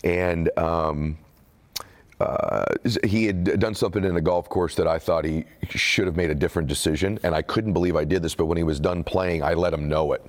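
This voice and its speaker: A man with a low, deep voice speaks candidly in a relaxed conversational interview. He tells a personal story earnestly, turning reflective and emotional as he goes. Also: moderate pace. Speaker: author being interviewed.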